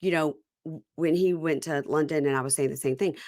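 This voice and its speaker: A woman's voice: sits low, brisk, a little mellow, dry recording, clean studio sound. A woman with a Southern American accent hosting a podcast, chatting casually and playfully. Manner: chatty, playful, does mocking impressions. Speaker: podcast host. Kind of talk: casual chat.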